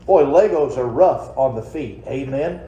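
A man's voice: medium pitch, lively intonation, measured pace, dark tone, lo-fi sound. A man preaching a midweek sermon in a folksy, conversational way, full of rhetorical questions to the congregation. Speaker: pastor. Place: church sanctuary. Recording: roomy church echo.

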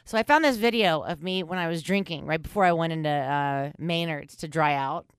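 A woman's voice: low-pitched, brisk, smooth, no room sound, studio quality. A woman hosting a recovery podcast, talking in a candid, self-mocking, rambling way. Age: adult in recovery. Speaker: podcast host. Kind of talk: casual chat.

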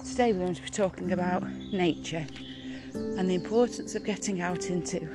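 A middle-aged woman from the Peak District, hosting a casual podcast outdoors, gentle and encouraging and a little out of breath. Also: fairly low pitch, normal speed, music in the background, low-quality recording. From Peak District, England. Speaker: podcast host. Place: small wood outdoors, birds around, distant traffic.

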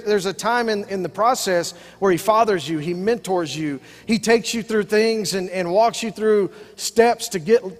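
A middle-aged man preaching a sermon from the pulpit, his voice sitting high for a man. He drives his points with repeated call-outs to the congregation. The sound carries a long hall reverb. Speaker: pastor. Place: church sanctuary with congregation.

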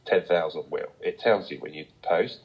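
A young Englishman with a London accent chatting casually on a live stream, rambling and relaxed with many restarts. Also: deep voice, normal speed, husky, rough recording. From England, Sussex. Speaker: stream guest, musician. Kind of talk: casual chat.

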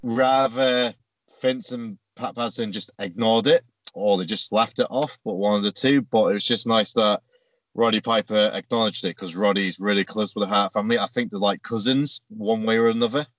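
A man's voice: fairly low pitch, moderate pace, a bit bright, no echo. A man co-hosting a podcast, casually recapping events step by step with frequent filler words. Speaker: podcast co-host. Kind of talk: casual chat recapping a wrestling show.

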